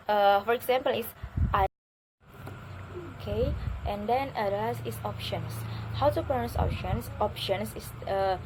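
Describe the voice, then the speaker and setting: A fairly high-voiced woman walks through intonation patterns at a very unhurried pace. She hesitates and restarts often, then stretches out her examples with exaggerated rises and falls. A faint hum of room noise sits behind her. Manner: halting, many fillers and restarts, exaggerated rising and falling examples. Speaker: English teacher. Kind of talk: spoken pronunciation lesson.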